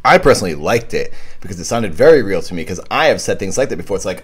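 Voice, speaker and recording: A man's voice: fairly low pitch, fast, hardly any pauses, husky. A man hosting a live stream, chatting casually about his own short film and thanking donors. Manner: rambling, animated, thanks donors warmly. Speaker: filmmaker hosting a live viewing commentary.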